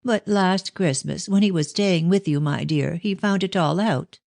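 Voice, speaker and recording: A woman's voice: fairly low pitch, unhurried, creaky, no room sound, clean studio sound, pitched above the performer's own voice. A woman playing a fussing old nurse. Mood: confiding. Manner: warm and fussing, with "my dear". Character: motherly old woman, fond and talkative nurse.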